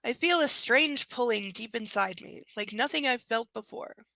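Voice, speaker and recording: A young woman reads a novel aloud with a high, gravelly, bright voice, close and dry. She keeps breaking into snarky, profane asides between the passages. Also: animated, normal speed, no room sound. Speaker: book reader. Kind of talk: live reading with sarcastic asides.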